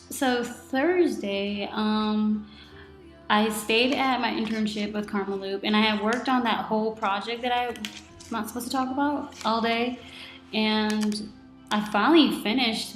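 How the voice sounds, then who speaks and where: A woman's voice: fairly high pitch, steady tone, measured pace, reverberant, faint music behind. A woman in her twenties telling her day in a casual video diary, chatty and full of "like", acting out what people said to her. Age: 20s. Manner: chatty, lots of "like", retells with quoted reactions. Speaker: vlogger.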